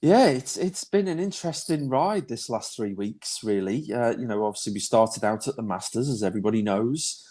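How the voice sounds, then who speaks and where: A man co-hosting a casual podcast, his voice dark and mellow at a middle pitch. He talks in a steady, easygoing flow, leaning on little fillers and restarting his phrases. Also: moderate pace. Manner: steady, with frequent "you know" fillers and restarts. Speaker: podcast co-host. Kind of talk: casual chat about golf betting.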